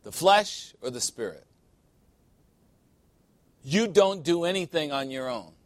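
A man's voice: a little high, lively intonation, slow, no room sound. A man preaching a sermon, calling for amens and joking with the congregation between points. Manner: call-and-response preaching, playful asides. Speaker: pastor. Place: church sanctuary.

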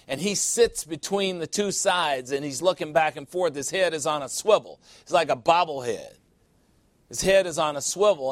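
A man's voice: fairly high pitch, fairly bright tone, no room sound. A man preaching a sermon in an emphatic, conversational way, with sudden playful asides.

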